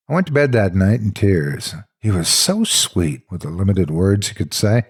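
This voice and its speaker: A man's voice: sits low, big pitch swings, normal speed, few pauses, breathy edge. A man narrating a horror story in the first person, with a dramatic, intense delivery.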